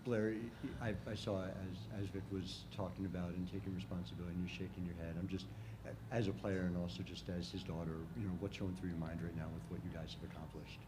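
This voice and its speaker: A man's voice: low voice, flat delivery, quick pace, hardly any pauses, noisy background. A male sports reporter asking a stumbling question at a press conference.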